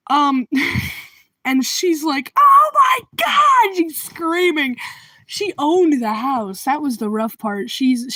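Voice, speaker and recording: High-voiced young woman rambling through a storytime. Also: dry recording, poor audio. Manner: rambling, with laughing asides and hushed whispered remarks. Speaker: vlogger. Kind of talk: storytime vlog.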